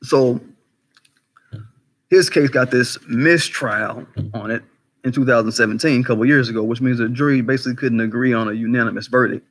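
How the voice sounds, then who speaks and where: A man hosting a casual livestream commentary, talking in an animated, conversational way, swearing freely, firing off rhetorical questions and greeting chat viewers by name. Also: mid-range voice, brisk. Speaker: commentary channel host.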